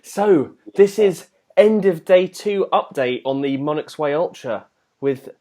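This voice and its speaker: A man's voice: a little high, expressive, measured pace, mellow. A man hosting a podcast, chatting with a caller in a teasing, rambling way. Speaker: podcast host. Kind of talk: casual podcast chat.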